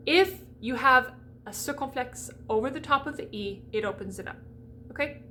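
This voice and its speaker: A woman's voice: high-pitched, moderate pace, pushed and bright, a little hiss or hum. A woman voice coach giving a diction lesson, demonstrating sounds and speaking directly to the viewer.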